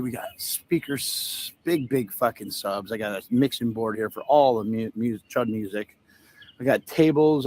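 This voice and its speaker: A livestream host rambles casually and profanely, telling stories and laughing at his own jokes at an outdoor event setup with a tent. His voice is medium-pitched, with a little hiss or hum in the audio.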